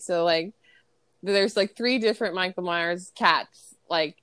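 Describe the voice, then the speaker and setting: A woman co-hosting a podcast, chatting casually and breaking into giggles as she acts out lines from a movie. Her voice sits at a middle pitch, recorded close and dry with no room sound. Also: normal speed, fairly bright tone, clean tone, no room sound. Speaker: podcast co-host. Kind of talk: casual chat recapping a movie.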